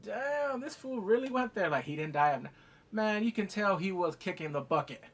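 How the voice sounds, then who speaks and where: Animated, profane man recapping a TV episode. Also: high-pitched, moderate pace. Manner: animated, profane, acting out scenes. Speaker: TV show reviewer.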